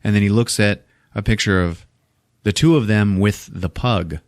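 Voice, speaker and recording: A man hosting a podcast, casually recapping a movie as an animated storyteller who laughs often and swears freely. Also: on the low side, normal speed, dry recording, studio quality. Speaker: podcast host.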